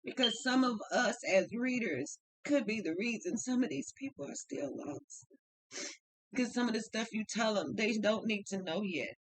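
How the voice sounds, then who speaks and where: A woman's voice: on the high side, animated, normal speed, no room sound, rough recording. A woman giving a casual tarot reading, blunt and profane, upset and tearful. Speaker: tarot reader.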